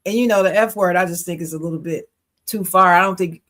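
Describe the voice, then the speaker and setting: A woman's voice: on the low side, fast, fairly bright tone. Woman, podcast co-host, casual and opinionated, chatty with easy laughs. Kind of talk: casual chat.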